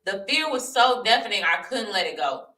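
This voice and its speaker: Young woman, giving a fervent testimony to camera, bright and forceful, in an echoey room away from the mic. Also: medium pitch, lively intonation, moderate pace, distant mic. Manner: fervent, addresses viewers as y'all, repeats phrases. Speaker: vlogger sharing her testimony. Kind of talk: emotional personal testimony to camera.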